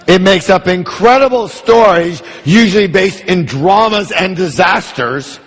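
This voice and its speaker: A man's voice: high voice, measured pace, hardly any pauses, a faint crowd. A man giving a motivational seminar talk in a large hall, driving the audience with call-and-response questions. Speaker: motivational speaker.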